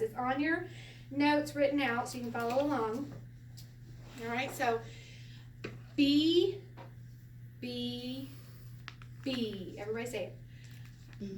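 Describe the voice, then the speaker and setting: Lively woman teaching a class. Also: fairly high pitch. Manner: animated, laughs often, acts out quotes. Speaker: Hebrew teacher. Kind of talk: classroom lesson. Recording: echoey room from a distance, faint hiss.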